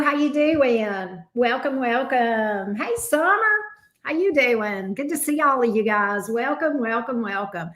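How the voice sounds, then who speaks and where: A woman's voice: high-pitched, a bit bright. A woman with a Southern US accent, a tarot reader hosting a casual livestream who chats along and greets her viewers by name. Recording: roomy echo.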